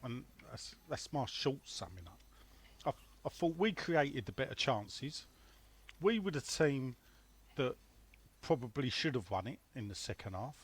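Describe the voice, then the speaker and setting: A man's voice: medium pitch, very animated, measured pace, husky. A man on a casual football fan podcast, trading dry, teasing banter and giving his match summary. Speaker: podcast panelist.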